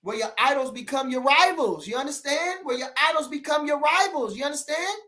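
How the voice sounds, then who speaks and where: A man from the boxing world chatting casually with viewers on a livestream, rambling and animated, often checking that listeners understand him. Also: extremely high pitch, brisk. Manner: rambling, animated, keeps asking "you understand?".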